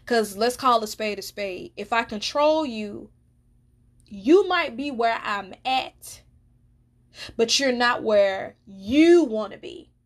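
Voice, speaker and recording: Speaking slowly with lively intonation and a fairly high pitch, a woman carries her own podcast in a casual monologue. She's candid and emphatic, and she doesn't hold back on swearing.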